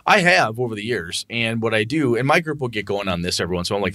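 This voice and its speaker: Male podcast co-host, animated and profane, bright tone, dry close mic. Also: fairly low pitch, very fast, few pauses, no room sound. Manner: animated, profane, acts out what he says to players. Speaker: podcast co-host and game master. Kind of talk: casual podcast chat.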